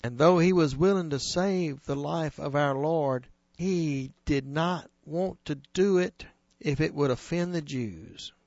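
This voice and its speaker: A man preaching a sermon that retells scripture, earnest and emphatic, slowing on key phrases. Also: fairly high pitch, darkish tone, dry recording, lo-fi sound.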